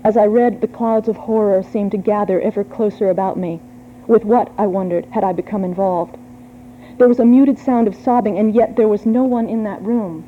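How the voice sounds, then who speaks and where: A woman's voice: medium pitch, moderate pace. A woman giving a theatrical, breathless reading of a gothic horror story. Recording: tinny phone-like sound with faint hum.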